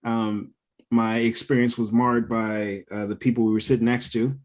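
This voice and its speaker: A man's voice: medium pitch, little pitch movement, normal speed. A young man co-hosting a podcast, telling a story in casual chat, swearing freely and laughing often. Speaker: podcast co-host.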